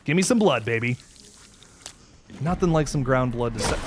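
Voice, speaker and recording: A man hosting a horror game let's play, talking to viewers as he plays, jumpy and excitable, swearing when startled. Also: mid-range voice, normal speed, a little hiss or hum. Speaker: gaming channel host.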